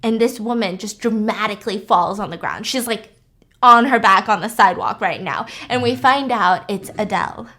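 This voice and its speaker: A woman's voice: mid-range voice, moderate pace, sharp tone. A young woman casually recapping a plot, chatty and full of fillers.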